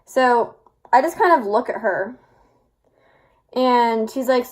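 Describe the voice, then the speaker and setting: A woman's voice: high voice, moderate pace. Chatty young woman rambling through a story. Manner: rambling, lots of fillers, laughs while telling. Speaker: vlogger. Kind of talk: casual storytime.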